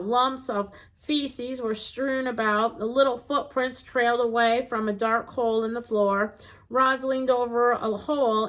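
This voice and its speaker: A woman narrating a children's storybook aloud in an expressive, gentle reading voice. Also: on the high side.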